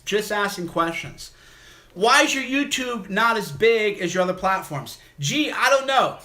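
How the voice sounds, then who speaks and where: A man's voice: high-pitched, lively intonation, moderate pace, pushed and bright. A male livestream host taking callers, ranting with an aggressive, mocking and insulting manner and hammering his points through repetition. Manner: repetitive, emphatic delivery. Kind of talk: call-in livestream rant.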